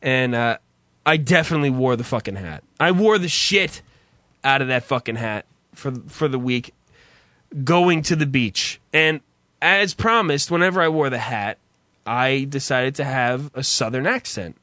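A man's voice: mid-range voice, lively intonation, measured pace, pushed and bright, no echo. A young man hosting a podcast in casual chat, swearing and laughing often. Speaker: podcast host.

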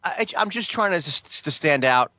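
Deadpan man with a lively bright voice. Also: fairly high pitch, brisk, dry recording. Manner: deadpan, stubborn, affected broken grammar. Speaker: podcast co-host. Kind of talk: comedy podcast banter.

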